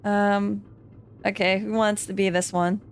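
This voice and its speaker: A woman's voice: medium pitch, little pitch movement, measured pace, slight background noise. A woman hosting a game stream, chatting casually and rambling, swearing freely. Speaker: streamer host.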